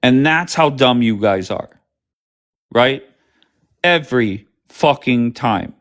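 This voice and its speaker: A man's voice: mid-range voice, expressive, slow pace, fairly bright tone. Sarcastic, swearing male livestream host. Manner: combative, sarcastic, swears a lot. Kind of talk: casual profane livestream chat.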